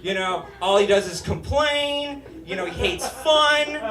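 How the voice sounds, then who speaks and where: A man's voice: high-pitched, lively intonation, a little slow, crowd noise. A man from Utah performing a stand-up comedy set, with a nasal, whiny voice and a brash, profane, self-mocking delivery. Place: comedy club stage before a live audience. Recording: echoey room, distant mic, audience laughter.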